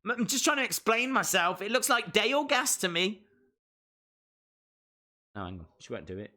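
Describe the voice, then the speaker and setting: A man's voice: high voice, big pitch swings, moderate pace, pushed and bright. A man hosting a live reaction stream, chatting playfully and reading viewer comments aloud.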